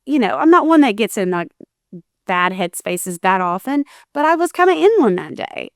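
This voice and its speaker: Her voice sits fairly high and swings widely in pitch as she talks at a moderate speed, captured dry with studio quality. This female talk-show co-host is emotional and rambling in conversation, breaking off mid-sentence and starting over.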